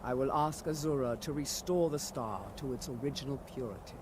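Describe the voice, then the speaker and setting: An actor voicing a devout elf priest who speaks in a reverent, formal, chanting way in a video game. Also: male voice, mid-range voice, a little fast, background noise, close to an everyday voice.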